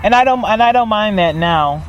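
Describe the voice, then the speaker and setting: A soft-spoken man with a light voice. He stretches his syllables and lets his lines hang, whether reading a poem or chatting, and there is faint street noise behind him. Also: high-pitched, lively intonation, moderate pace, dull audio. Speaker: poet, podcast guest. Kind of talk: poetry reading and casual chat.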